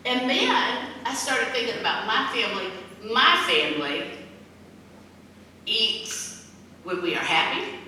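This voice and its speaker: Middle-aged woman guest speaker, unhurried and folksy, heard from far off in an echoey hall. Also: on the high side, big pitch swings, pushed and bright, a little hiss or hum. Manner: heartfelt, folksy, acts out quoted voices. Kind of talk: storytelling speech. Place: large meeting hall.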